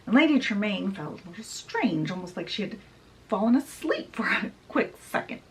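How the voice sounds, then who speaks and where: A woman's voice: medium pitch, very animated, moderate pace, recorded from a distance, rough recording. A woman book vlogger casually retelling a story in a chatty, storytelling way. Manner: chatty, storytelling, with fillers like "she's like". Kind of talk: casual book summary vlog.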